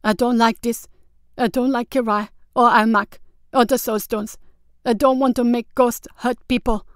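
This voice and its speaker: Woman voicing a frightened young man, whiny, high-pitched, bawling, crisp voice, dry close sound. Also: steady tone, moderate pace, no echo, close to an everyday voice. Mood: pleading. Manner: high, pleading, too loud.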